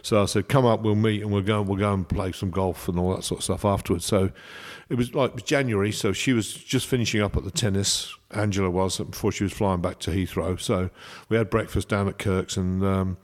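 An English chef with a low-pitched voice chats casually, talking fairly quickly with few pauses. He tells rambling anecdotes in an animated storytelling style.

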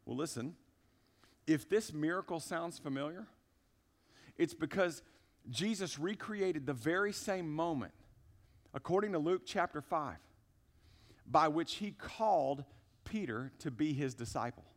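High-voiced man preaching a sermon. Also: expressive, unhurried, pauses often. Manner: conversational, emphatic preaching that addresses the congregation directly. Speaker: pastor. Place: church service.

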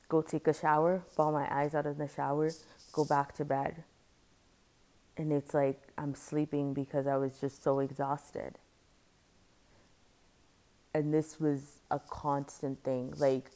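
A young woman speaking softly and reflectively as she tells a personal story on a podcast. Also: low-pitched, vocal fry. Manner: soft-spoken and reflective, often quiet.

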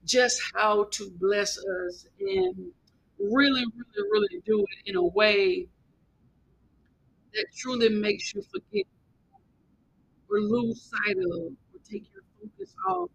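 A man's voice: high-pitched, vocal fry, fairly bright tone, a little hiss or hum, low-quality recording. A man hosting a devotional podcast, exhorting listeners in an earnest preacherly way with lots of repetition. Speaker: podcast host.

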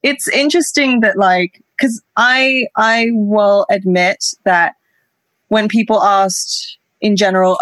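A woman's voice: mid-range voice, fairly even intonation, measured pace, a bit bright, no room sound. A woman from Singapore whose accent shifts between British and American, telling stories in a reflective, casual chat and laughing often. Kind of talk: casual conversation.

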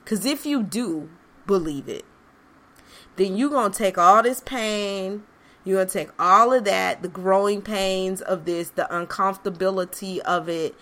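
At a measured pace and in a medium-pitched, slightly bright voice, a woman hosting a podcast speaks earnestly and conversationally straight to her listeners. It's a reflective motivational monologue.

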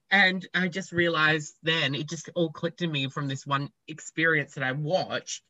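A young man, a podcast guest, telling his story in a candid, animated way with casual swearing. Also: a little high, a little slow, dry recording, low-quality recording.

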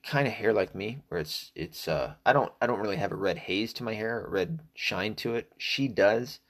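A man's voice: fairly low pitch, lively intonation, moderate pace. A middle-aged man from the South, talking in a casual, profane, rambling monologue full of fillers. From American South. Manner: profane, digressive, many fillers. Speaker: solo talker.

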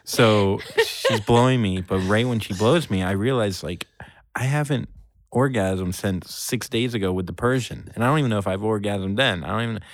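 Low-voiced man telling a rambling story. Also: normal speed, no echo, studio quality. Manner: rambling, laughs often while telling a story. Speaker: podcast co-host. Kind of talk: casual storytelling chat.

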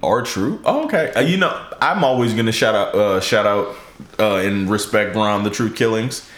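A man hosting a casual podcast chat, animated and laughing often, restarting his sentences as he goes. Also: lowish voice, normal speed, echoey room. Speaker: podcast host.

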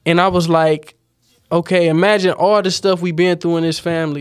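A man hosting a casual podcast, talking calmly and reflectively and affirming his guest with soft murmurs. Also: fairly high pitch, fast talker, clear, resonant tone, no echo, clean studio sound. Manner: calm, reflective, affirming listener.

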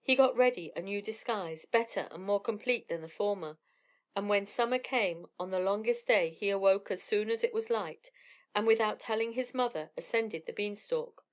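A woman narrating a classic fairy tale in a measured, even storybook reading. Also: medium pitch.

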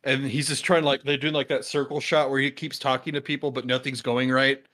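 A man co-hosting a podcast, talking about movies in a relaxed, easygoing way. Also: medium pitch, brisk. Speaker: podcast co-host. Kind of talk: casual chat about movies.

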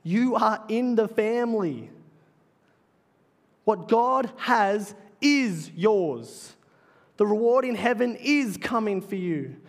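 A male pastor preaching a sermon in a church, earnest and emphatic, slowing down to stress key phrases. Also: high-pitched, animated. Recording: long reverb of a large hall.

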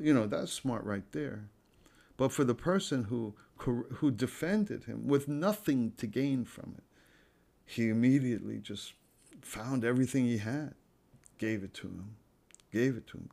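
Halting, gravelly-voiced man musing earnestly. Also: medium pitch. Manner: halting, repeats phrases, restarts often; earnest, unhurried, conversational. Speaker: speaker giving a reflection. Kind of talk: informal spoken reflection on scripture.

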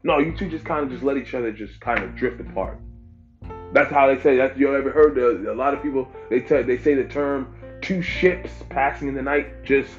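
A man in the middle of the male pitch range preaches informally, pressing his points by repeating whole phrases. The recording is dull and lo-fi, with faint music playing behind him. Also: a little fast. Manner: emphatic, repeats phrases for stress. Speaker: pastor.

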